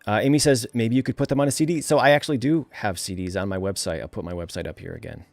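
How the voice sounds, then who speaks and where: Speaking fast in a lowish, gravelly voice, this New England–accented livestream host chats easily as he reads out comments from viewers. His manner is relaxed and talkative, full of laughs and filler words, over a dry recording with faint music behind him.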